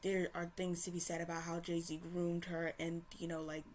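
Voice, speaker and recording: A woman's voice: fairly low pitch, completely flat delivery, moderate pace, a little mellow, slight background noise. A woman ranting to camera in a casual, heated and profane way, stumbling and restarting often. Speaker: commentator. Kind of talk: casual opinion rant to camera.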